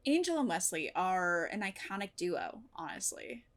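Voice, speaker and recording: A young adult woman recapping and reviewing a TV episode in casual chat, talking in an animated way, swearing often and breaking into laughter. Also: lowish voice. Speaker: TV reaction YouTuber.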